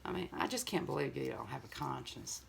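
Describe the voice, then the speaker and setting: A woman's voice: extremely low pitch, brisk, creaky, a little hiss or hum. An older woman, talking to her viewers in a casual, heartfelt monologue. She rambles earnestly and fills her speech with "you know.". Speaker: vlogger.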